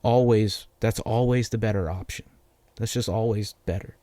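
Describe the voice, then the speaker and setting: A man's voice: lowish voice, steady tone, normal speed, mellow, dry recording. A man, hosting a casual solo podcast in a profane, rambling, self-deprecating way. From Massachusetts. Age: 20s. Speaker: podcast host.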